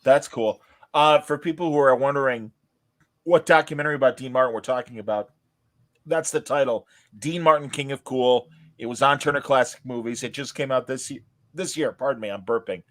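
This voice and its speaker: A man hosting a podcast in casual chat, telling stories with lively cheering asides. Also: medium pitch, fairly quick. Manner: animated storyteller, mimics cheering crowds. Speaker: podcast host.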